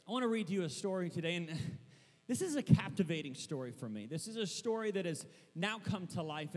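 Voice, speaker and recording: A young adult man preaching a sermon, telling stories with animated energy, shouting at times and laughing. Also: a little high. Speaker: pastor. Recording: long hall reverb with mains hum.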